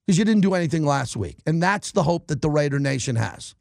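A middle-aged man hosting a sports talk show, delivering an emphatic, animated, ranting monologue. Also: fairly high pitch, brisk, gravelly, few pauses, dry recording, clean studio sound. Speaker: sports radio host.

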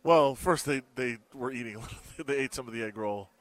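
A man's voice: medium pitch, brisk. A man co-hosting a sports radio show, telling stories in casual chat and acting out the lines of people he quotes. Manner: animated storyteller, acts out quoted dialogue. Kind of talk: casual sports talk and storytelling.

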